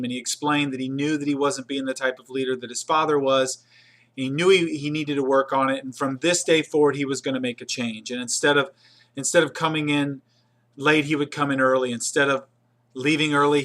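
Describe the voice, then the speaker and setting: A man's voice: on the high side, fairly bright tone. A man presenting a webinar, telling a story in a conversational way and repeating words as he goes. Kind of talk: storytelling talk.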